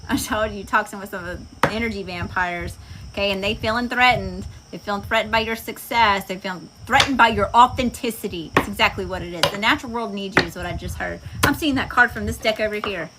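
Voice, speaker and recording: A woman reads tarot cards in a loose, blunt, heavily profane way, hammering her points home. Her voice sits at an ordinary middle pitch. Crickets and insects chirp clearly behind her. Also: fairly quick, noisy background. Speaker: tarot reader. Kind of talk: casual tarot reading.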